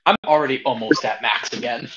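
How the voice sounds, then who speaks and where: A man playing in a tabletop game, talking in a brash, excitable way and swearing. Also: mid-range voice, fairly quick, dull audio. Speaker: player.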